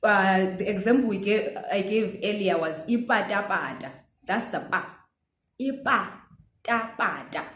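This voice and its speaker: In an echoey room, a language teacher from Zimbabwe leads a pronunciation lesson at a moderate pace. Her voice sits at a medium pitch, and she patiently checks in with her listeners throughout.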